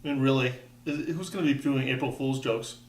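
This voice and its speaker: This vlogger, a man in his fifties from Wisconsin, speaks fairly quickly at a medium pitch, his voice distant and echoing in the room. His personal story wanders, with self-interruptions, restarts, and wry humor.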